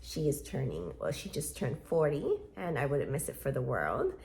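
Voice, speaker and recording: A woman with a low, gravelly voice talks through a casual vlog update. Her pitch swings widely as she rambles in a chatty, playful way and laughs easily. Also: big pitch swings, normal speed, a little mellow, slight background noise. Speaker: vlogger.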